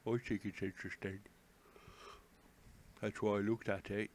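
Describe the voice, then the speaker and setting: A man's voice: on the low side, flat delivery, normal speed, a little hiss or hum. Rambling, jokey man on a live stream. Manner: rambling, jokey, self-mocking asides. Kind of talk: casual live stream, reading headlines aloud.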